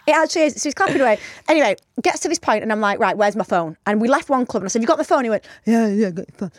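Woman co-host, rapid chatty storyteller, dry close recording. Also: fairly high pitch, animated, no room sound. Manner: chatty storytelling, swears freely. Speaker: podcast co-host. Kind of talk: casual chat.

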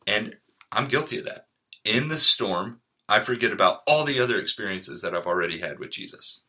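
A man's voice: fairly low pitch, expressive, brisk, pushed and bright. A man co-hosting a casual Bible study podcast, speaking earnestly and reading scripture aloud. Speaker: podcast co-host.

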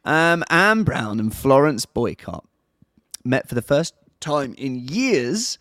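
Jokey northern man with a lively voice. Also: mid-range voice, slow, no room sound, clean studio sound. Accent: Northern English. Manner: animated, jokey, reads news aloud in bursts. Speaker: podcast co-host. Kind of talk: casual chat.

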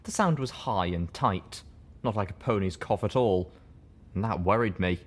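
A man narrating an audiobook in the first person, with a steady, measured reading. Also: fairly low pitch, breathy edge.

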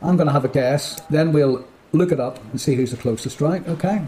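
A chatty man co-hosting a podcast, playful and competitive as he talks. His voice is dark and mellow. A faint hiss of noise and some room ambience sit behind him. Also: fairly high pitch, fairly quick. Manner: chatty, laughs easily, competitive. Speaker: podcast co-host. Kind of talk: casual chat.

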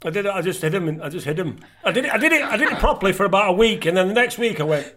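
Fast-talking high-voiced man. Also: animated, fairly bright tone. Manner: chatty, laughs while telling stories. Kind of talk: casual chat.

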